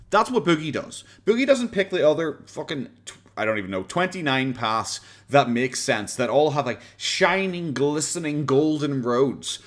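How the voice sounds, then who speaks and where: A man's voice: on the high side, big pitch swings, moderate pace. A man with an Irish accent, streaming and mocking a clip in sarcastic casual commentary, often laughing.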